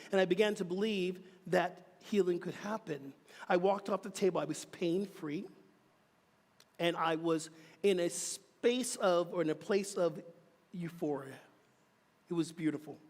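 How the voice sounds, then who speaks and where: A man giving a sermon as reverend, telling animated personal stories with chatty asides to the congregation. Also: sits high. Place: church hall. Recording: reverberant hall.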